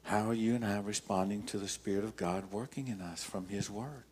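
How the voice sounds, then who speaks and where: Deep-voiced older pastor preaching. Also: male voice, steady tone, a little mellow, breathy edge. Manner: storytelling, emphatic with dramatic pauses. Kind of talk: sermon.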